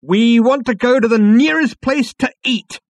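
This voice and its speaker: A man voicing a brash, vain alien show-off in an audiobook, loud and swaggering. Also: sits high, animated, fairly quick, dry recording, voice pushed up, heavily acted. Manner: loud, swaggering, self-admiring.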